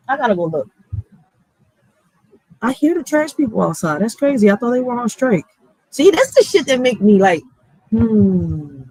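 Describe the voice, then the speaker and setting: High-pitched, blunt Philadelphia woman ranting. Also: big pitch swings, normal speed, pauses often, a little mellow, slightly rough, dry recording, poor audio. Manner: blunt, profane, fired-up street talk. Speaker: block captain and vlogger. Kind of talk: casual ranting vlog.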